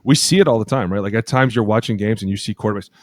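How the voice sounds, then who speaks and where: A man co-hosting a casual podcast, a former lineman telling animated stories and acting out teammates' shouted calls, swearing freely. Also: rapid-fire, slight background noise. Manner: animated storyteller acting out teammates' calls in loud high voices.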